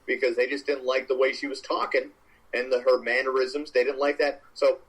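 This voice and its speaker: A man's voice: mid-range voice, level tone, a little fast, breathy edge, rough recording. A man co-hosting a podcast, giving rambling, joking opinions in casual chat. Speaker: podcast co-host.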